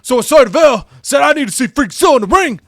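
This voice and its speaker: This is a boastful male wrestler voiced by a man cutting a promo at full volume. He shouts with over-the-top bravado, pitched well above a normal speaking voice. The sound is dry, with no room around it. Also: lively intonation, fast, vocal fry, no echo, heavily acted. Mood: bombastic.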